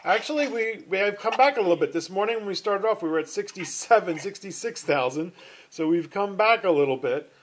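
Speaking briskly in a high voice with lively intonation, a middle-aged finance professor teaches an online class over a video call through his computer mic. He chats and rambles, often breaking off and starting again with fillers.

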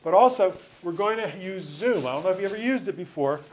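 A man's voice: high voice, animated, fast talker, slight background noise. A male teacher giving a classroom lecture, joking with students and correcting himself as he rambles.

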